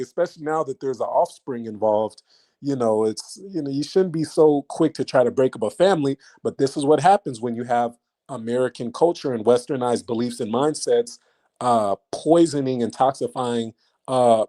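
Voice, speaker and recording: Give me a mocking, animated male live-stream host. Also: on the high side, moderate pace. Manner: animated, mocking, repeats lines for emphasis.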